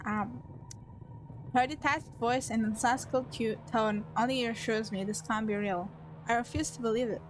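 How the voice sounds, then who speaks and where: A woman's voice: fairly high pitch, steady tone, a little hiss or hum. A woman streamer reading a story game aloud, breaking off into playful, profane asides. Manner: playful, swears a lot, quick asides.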